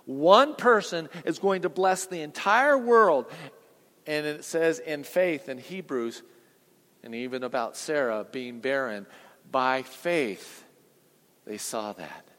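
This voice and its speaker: A man preaches a sermon in a church sanctuary, his fairly high voice dropping to near-whispers before surging into loud peaks. He keeps putting questions to the congregation. A long reverb from the large hall trails each phrase. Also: lively intonation, slow pace. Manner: dynamic preaching, swinging from hushed to booming. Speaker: pastor.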